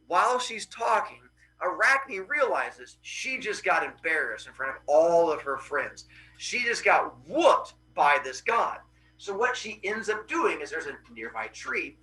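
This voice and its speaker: Lively, bright-voiced male teacher telling a myth. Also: high-pitched, unhurried, poor audio. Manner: dramatic, lively, playful. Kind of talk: animated classroom storytelling. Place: classroom.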